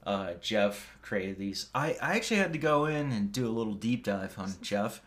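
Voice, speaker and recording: A man's voice: fairly low pitch, expressive, moderate pace. Rambling American man in podcast chat. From United States. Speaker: podcast co-host. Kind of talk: casual chat.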